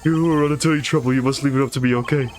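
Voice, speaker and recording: A man reading a composed male prosecutor's lines in a lowered, measured, formal delivery. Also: steady tone, faint music behind, lightly acted.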